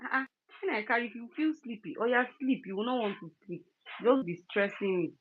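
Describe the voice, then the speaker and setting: A woman chatting casually while working as a wig stylist, thinking aloud and softly cooing to a baby. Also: on the high side, brisk. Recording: lo-fi with clear background noise.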